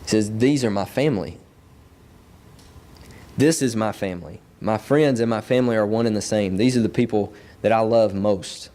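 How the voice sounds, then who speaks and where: A man's voice: on the low side, normal speed, warm tone. Earnest young man preaching a sermon. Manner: earnest, repetitive emphatic phrasing. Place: church.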